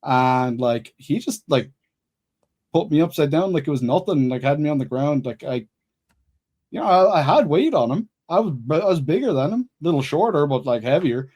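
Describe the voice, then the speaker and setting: A man's voice: fairly high pitch, expressive, normal speed, a little mellow, husky. Rambling male guest full of "like". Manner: rambling, heavy on "like", swearing. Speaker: podcast guest, former bouncer. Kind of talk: casual storytelling chat.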